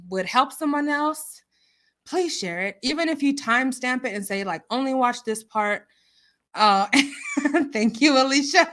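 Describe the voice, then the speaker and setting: A woman hosts a casual livestream chat, laughing often and reading out viewer comments and names with lots of emotion. Her voice is on the high side with a sharp tone.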